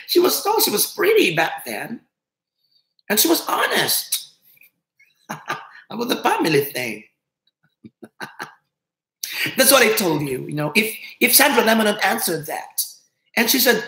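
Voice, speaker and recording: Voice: medium pitch, very animated, a little slow, pauses often, sharp tone. A host in their fifties with a Filipino accent, chatting casually on a livestream and laughing often. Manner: chatty, laughs often, switches between English and Tagalog. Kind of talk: casual live chat. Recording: roomy echo.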